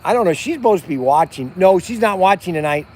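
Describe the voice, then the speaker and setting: A middle-aged man with a notably high voice chats at a campfire at night in a loose, rambling way. He keeps restarting his sentences and reaching for words as he talks on a livestream. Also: expressive, fast, darkish tone, slight background noise. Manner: rambling, chatty, many restarts and fillers. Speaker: vlog host. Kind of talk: casual livestream chat. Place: outdoors at a campground by a fire at night.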